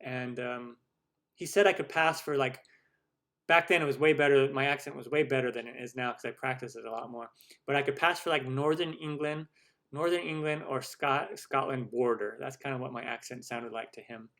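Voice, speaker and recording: A man's voice: mid-range voice, normal speed, a bit bright. A middle-aged man hosting a cooking live stream, chatting casually and rambling with many restarts as he answers viewer questions.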